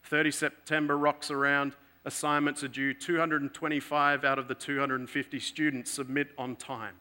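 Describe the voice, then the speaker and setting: A man preaching a sermon, telling a story in an earnest way that moves between emphatic and hushed. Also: medium pitch, level tone, moderate pace.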